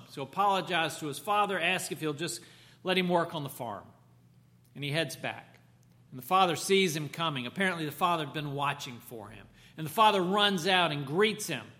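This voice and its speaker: A man preaching a sermon, telling a parable in an animated, conversational storytelling manner with asides. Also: a little high.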